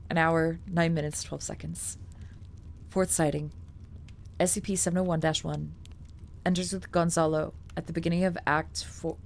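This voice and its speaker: A woman's voice: low-pitched, level tone, moderate pace, creaky, long pauses, a little hiss or hum. A woman streamer reading a document aloud, breaking off into chatty, filler-heavy asides and casual swearing.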